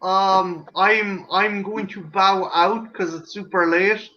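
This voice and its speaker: Bright high-voiced man riffing crudely. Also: steady tone, takes it slowly, dull audio. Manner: rambling, profane, riffing bits. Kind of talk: late-night casual group chat.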